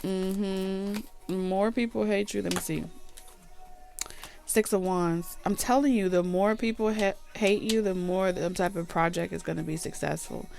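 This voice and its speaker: A woman's voice: mid-range voice, fairly even intonation, a little slow, creaky, darkish tone, faint music behind. A woman giving a casual tarot reading, chatty, blunt and profane. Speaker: tarot reader.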